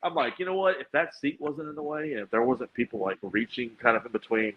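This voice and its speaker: Male co-host, enthusiastic, laughs a lot, slightly raspy, lo-fi mic. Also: mid-range voice, expressive, fast. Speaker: podcast co-host. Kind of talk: casual chat.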